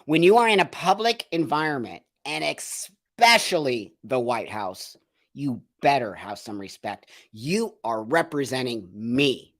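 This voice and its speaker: A man's voice: medium pitch, sing-song, unhurried, fairly bright tone. Indignant man ranting on a livestream. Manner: emphatic, repeats phrases for effect. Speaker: host of a live show. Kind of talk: livestream commentary, reading viewer comments.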